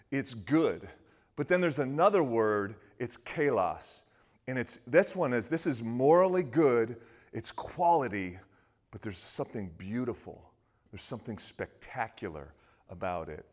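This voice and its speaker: A man preaching a sermon in a casual, conversational way, asking his listeners questions and dropping low and quiet when he quotes. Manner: conversational, asks the audience questions. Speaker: pastor.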